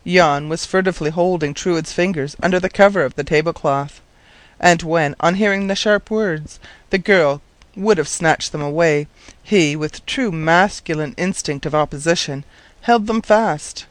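A man reading a story aloud in measured, wry scripted narration. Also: on the high side, dry recording. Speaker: audiobook narrator.

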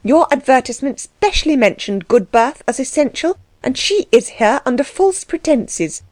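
A woman's voice: sits high, very animated, moderate pace, a little mellow, dry recording, voice pushed up. A woman reading an audiobook, voicing a proud older baroness who speaks passionately and emphatically. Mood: indignant.

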